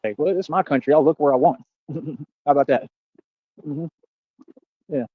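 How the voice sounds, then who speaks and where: A man's voice: a little high, normal speed, slightly rough, no room sound, phone-quality sound. A man giving a boastful, confrontational livestream rant, full of challenges to his critics. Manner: boastful, confrontational, repeats "what are you talking about". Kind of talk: ranting livestream monologue.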